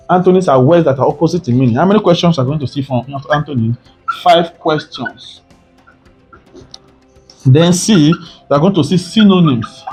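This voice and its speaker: A man's voice: on the high side, moderate pace, darkish tone, soft background music. Man tutoring, repeating key points. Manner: repetitive, rhetorical "what?" questions. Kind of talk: exam prep lesson.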